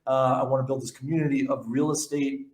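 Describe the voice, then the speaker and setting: A man's voice: mid-range voice, fairly even intonation, fast talker, reverberant. A man hosting an interview podcast in a casual chat style, eager and often repeating words and restarting sentences. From New York. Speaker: podcast host.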